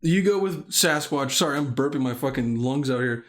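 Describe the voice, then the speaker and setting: A man's voice: medium pitch, lively intonation, normal speed. A man co-hosting a casual comedy podcast, rambling and swearing a lot. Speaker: podcast co-host.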